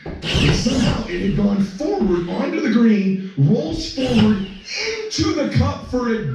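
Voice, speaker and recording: A man telling a personal story as a father, emotional and breathless, swearing and breaking into shouts. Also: extremely high pitch, lively intonation, normal speed. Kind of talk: animated storytelling to an audience. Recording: echoey room from far off with music.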